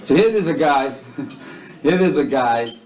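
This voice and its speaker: A man doing stand-up storytelling at a charity event, animated and jumping between character voices. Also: medium pitch, a little slow, faint music behind. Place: event hall. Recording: distant mic with faint room ambience.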